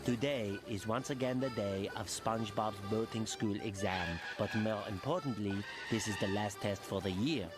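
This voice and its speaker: A man's voice: on the low side, moderate pace, hardly any pauses, loud music behind the voice, natural voice. A man as a gushing cartoon documentary narrator. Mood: awed. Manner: thick foreign accent, lingering gushing delivery. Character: wonder-struck male nature-documentary narrator.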